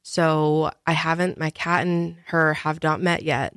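A woman's voice: sits low, steady tone, unhurried, fairly bright tone, dry recording, clean studio sound. A woman producer joining a podcast, telling a story in a rambling way with many fillers. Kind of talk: casual chat.

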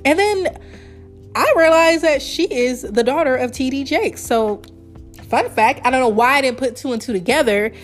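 A woman's voice: sits high, moderate pace, faint music behind. A woman in her early thirties hosting her own podcast, talking in a chatty, rambling, heartfelt way and laughing often. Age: 30s. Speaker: podcast host. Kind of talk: casual solo podcast chat.

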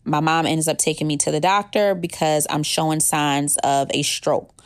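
Candid low-voiced woman telling her story. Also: normal speed, smooth, no echo, studio quality. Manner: candid, conversational, uses casual slang. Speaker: former 911 dispatcher telling her story. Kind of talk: personal storytelling.

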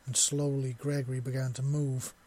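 Husky man reading a story. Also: mid-range voice, little pitch movement, moderate pace, mellow. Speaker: narrator. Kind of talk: scripted narration of an audio story.

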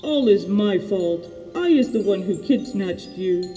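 A woman doing a big gentle giant. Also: medium pitch, animated, measured pace, long reverb tail, soft background music, voice pushed down, natural voice. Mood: indignant. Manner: mangled grammar, tender and indignant. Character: big friendly male giant, gentle and soft-hearted. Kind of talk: storybook reading.

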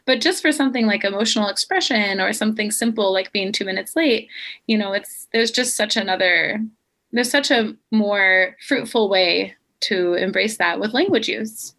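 A woman's voice: mid-range voice, normal speed. A young woman life coach talking earnestly and encouragingly in a casual podcast conversation. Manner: earnest, encouraging, quotes others in lively voices.

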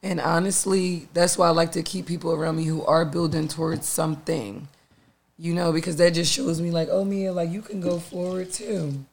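A gravelly, tired-sounding woman hosts a podcast, rambling loosely and cursing as she talks. Her voice has a sleepy, husky-edged fry. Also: fairly low pitch, steady tone, moderate pace, darkish tone. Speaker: podcast host. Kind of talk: casual podcast chat.

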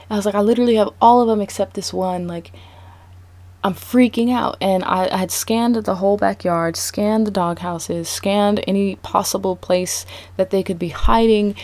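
Young woman telling a story, chatty, lots of "like", dry close sound. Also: dry recording. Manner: animated, frequent "like", voice jumps high when excited. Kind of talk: casual storytelling.

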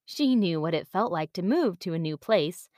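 A woman reading a children's story aloud with an expressive storybook cadence. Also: on the low side, normal speed, no room sound, studio quality.

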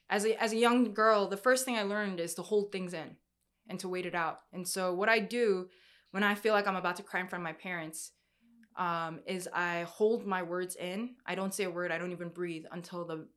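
A young woman speaks softly to her audience while telling a personal story. She talks haltingly and emotionally, often restarting her sentences. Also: lowish voice, steady tone. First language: Korean heritage, speaks some Korean.

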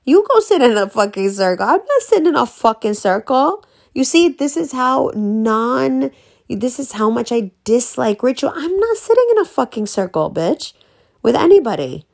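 A woman's voice: a little high, big pitch swings, vocal fry. Blunt, profane woman ranting. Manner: blunt, profane, emphatic, swings between slow stresses and fast bursts. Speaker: vlogger. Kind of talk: casual ranting monologue.

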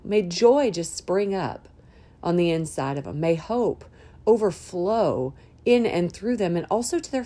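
Low-voiced woman praying heartfelt and informal. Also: dark tone. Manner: heartfelt, informal, with sudden rises and slow drawn-out words. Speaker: podcast host. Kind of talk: spoken prayer and encouragement. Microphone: audio only, no camera.

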